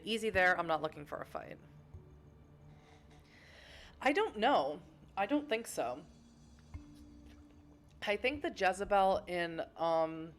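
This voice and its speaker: A young woman streaming a narrative game, reading its text aloud and chatting with her viewers between passages. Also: on the low side.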